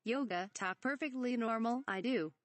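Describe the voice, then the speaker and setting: A woman's voice: fairly high pitch, normal speed, no room sound, natural voice. Woman reading as a tiny mischievous old swamp creature. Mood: teasing. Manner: speaks with inverted word order. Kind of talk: reading a fan parody script aloud.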